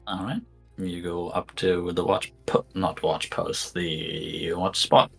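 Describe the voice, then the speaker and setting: Very low-voiced woman game master. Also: flat delivery, slow pace, gravelly, faint music behind. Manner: laughing, joking asides between rulings. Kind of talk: running a tabletop game with friends.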